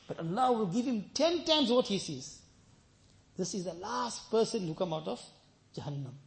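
A man preaching a sermon, telling scripture stories with emphatic repetition and breaking into chanted Arabic verses. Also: sits high. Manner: lively storytelling, mixes in chanted Arabic verses; emphatic, repeats phrases for stress.

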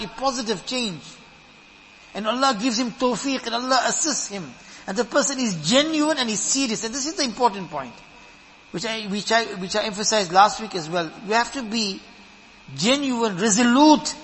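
A man's voice: high voice, a bit bright, long reverb tail, slight background noise, poor audio. A man giving a sermon, earnest and emphatic, who often repeats words as he builds a point. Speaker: preacher.

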